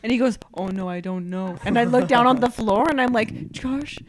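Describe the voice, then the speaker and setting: A woman telling a lively story among friends, acting out the lines of the people in it. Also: on the high side, normal speed, a crowd in the background. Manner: animated, acts out quoted dialogue. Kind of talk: casual storytelling.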